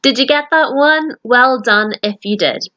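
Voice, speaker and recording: A woman reading a children's book aloud in a gentle, teacherly way that speaks to the children listening. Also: a little high, measured pace, dull audio. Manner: warm teacherly address to children. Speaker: children's story reader.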